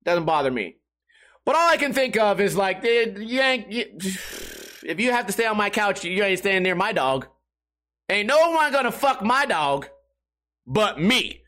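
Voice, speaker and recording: A man's voice: high voice, sing-song, unhurried, bright, forceful tone. A young man hosting a solo podcast, rambling casually with lots of swearing and laughing at his own jokes. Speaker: podcast host.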